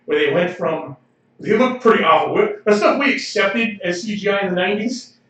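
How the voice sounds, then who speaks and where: A man's voice: high voice, expressive, a little fast, fairly bright tone. A man co-hosting a podcast in casual chat, opinionated and laughing often. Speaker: podcast co-host. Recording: roomy, distant, slightly dull livestream audio.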